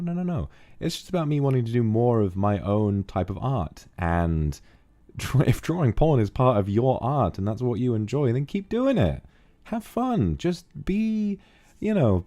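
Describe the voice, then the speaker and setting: A man with a British accent chatting casually on a stream, reading donations, rambling and laughing often. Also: lowish voice. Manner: relaxed, rambling, laughs often, hums to himself.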